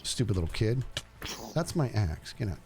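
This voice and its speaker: A man streaming a game and chatting casually, animated and jokey, talking to himself as he plays. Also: lowish voice, moderate pace, over music. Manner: animated, jokey, talks to himself while playing. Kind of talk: casual gameplay commentary.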